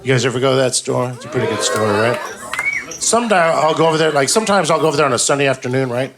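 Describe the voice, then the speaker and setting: A man's voice: mid-range voice, lively intonation, racing. A man doing a stand-up comedy set, crude and rambling, acting out other people's lines. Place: comedy club stage. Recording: live club set with loud crowd laughter and noise.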